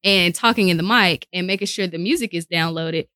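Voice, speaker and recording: Bright, lively woman radio personality. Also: on the low side, fairly quick, no echo, studio quality. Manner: animated storyteller who acts out quoted voices. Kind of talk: casual interview conversation. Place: radio station studio.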